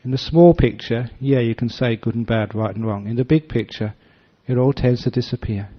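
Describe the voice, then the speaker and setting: An older man who is a Buddhist monk gives a dharma talk packed with storytelling, acting out voices with gentle humor. His voice is mid-range and his speed normal, on a slightly dull lo-fi recording.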